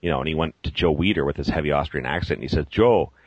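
A man with a low, deep voice spins a rambling story on a strength-talk show, full of "you know"s and restarts. His speech sounds close and dry, with no room around it. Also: steady tone, rapid-fire, no room sound, lo-fi sound. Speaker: co-host. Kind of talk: casual podcast chat.

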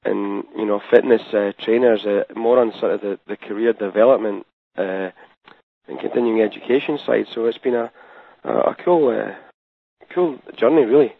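A Scottish-accented man born in Scotland, a fitness trainer talking as a podcast guest in a relaxed, rambling way. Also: on the low side, normal speed, gravelly, no echo. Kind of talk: casual podcast interview. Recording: dry, tinny phone line.

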